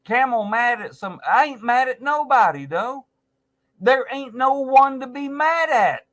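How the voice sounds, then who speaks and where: A man's voice: extremely high pitch, lively intonation, unhurried, fairly bright tone. A man in his forties giving an angry, sarcastic monologue to camera, swearing heavily. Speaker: vlogger. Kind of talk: profane ranting monologue.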